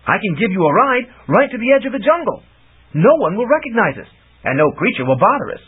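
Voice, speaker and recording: A man voicing a booming giant sphinx. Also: sing-song, quick pace, husky, full character voice. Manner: booming, raised voice. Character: young man turned huge booming sphinx. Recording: tinny lo-fi audiobook recording.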